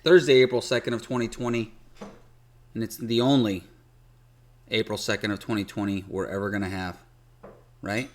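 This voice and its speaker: A man's voice: lowish voice, steady tone, normal speed, long pauses. A man casually hosting a live stock trading stream, chatty and loose. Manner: loose, chatty, restarts sentences. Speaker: livestream host. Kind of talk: casual livestream chat.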